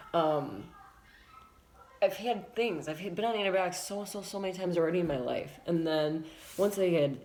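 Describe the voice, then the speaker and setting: Low-voiced, frank, rambling woman vlogger. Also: a little mellow, a little hiss or hum. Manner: frank, rambling, emphatic with swearing. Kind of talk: candid personal vlog.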